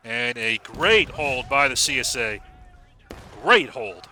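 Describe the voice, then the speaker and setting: A man casting a large online battle match live, excitable and profane, urging players on and praising plays. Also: mid-range voice, a little slow. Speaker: match caster. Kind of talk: live game commentary.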